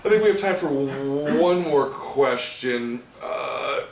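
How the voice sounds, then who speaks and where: A man moderating a live question session, briskly and in a friendly way. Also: medium pitch, expressive, slight background noise. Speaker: moderator, shop owner. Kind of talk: hosting a live Q&A. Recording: distant, roomy.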